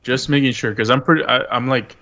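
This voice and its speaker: A man's voice: mid-range voice, fast, sharp tone. Man asking questions over dull lo-fi audio. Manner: asks clarifying questions, hesitant restarts. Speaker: podcast co-host. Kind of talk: casual chat.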